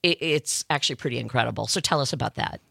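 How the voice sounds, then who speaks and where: A woman's voice: a bass voice, quick pace, vocal fry, pushed and bright, slightly rough, dry recording, studio quality. A woman hosting a radio show, effusive and gushing, asking a guest questions in an emotional way. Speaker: radio host. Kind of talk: casual radio chat.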